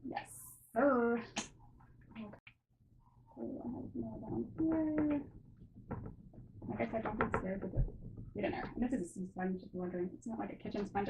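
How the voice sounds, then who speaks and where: A woman's voice: medium pitch, darkish tone. Woman art tutor, rambly and self-deprecating, recorded by a camera mic in an echoey room. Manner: rambling and self-mocking, with many fillers. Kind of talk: casual painting tutorial. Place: room at home. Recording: roomy, dull recording with background noise.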